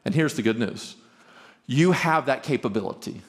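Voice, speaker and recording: A man's voice: mid-range voice, animated, moderate pace. A middle-aged man from Arkansas, a pastor giving an earnest conference talk on marriage, who often stumbles and repeats his openings.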